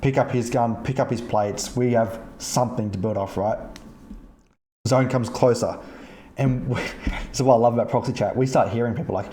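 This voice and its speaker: A man hosting a casual gaming podcast, telling stories with lots of swearing and animated energy. His voice is mellow and warm at a middling pitch. The room sounds echoey, with a faint hum behind him. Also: normal speed. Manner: profane, animated retelling. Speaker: podcast host. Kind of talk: casual chat, storytelling about gaming. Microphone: streaming mic.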